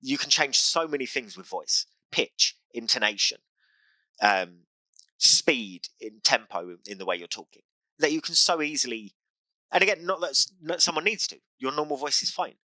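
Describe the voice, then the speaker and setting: Bright-voiced British man giving advice. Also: medium pitch, animated, moderate pace, no room sound, rough recording. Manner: earnest, advice-giving, repeats and restarts phrases. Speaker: dungeon master and podcast host. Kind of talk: casual podcast chat.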